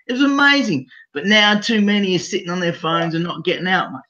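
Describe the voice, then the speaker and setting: A man with an Australian accent, a brash, profane co-host in casual banter who laughs loudly. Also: high-pitched, fast talker. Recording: dull lo-fi stream audio.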